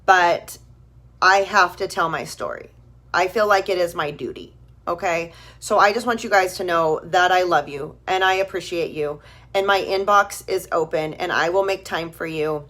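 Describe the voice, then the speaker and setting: A woman's voice: lowish voice, normal speed, fairly bright tone. A woman in her thirties on a live stream, talking earnestly and emotionally to her followers and repeating phrases for emphasis. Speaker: vlogger.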